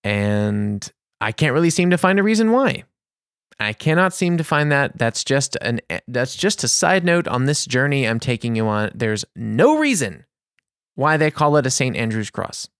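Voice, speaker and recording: A man's voice: medium pitch, moderate pace, clean tone, dry recording, studio quality. Rambling man with lots of fillers. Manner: rambling, animated, frequent fillers. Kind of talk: casual monologue.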